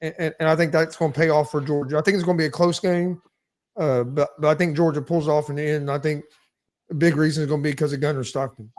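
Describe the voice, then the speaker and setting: Fairly high-voiced male podcast co-host. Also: steady tone, fast talker, a little mellow. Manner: repeats himself, ribs his co-hosts. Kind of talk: casual sports podcast banter.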